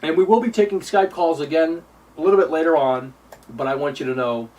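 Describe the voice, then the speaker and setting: A man's voice: brisk, darkish tone. A man hosting a live stream, ranting combatively about a game and mocking his critics in a whiny put-on voice. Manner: sarcastic, mocking imitations in a high whiny voice; repetitive, combative. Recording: distant mic with faint noise.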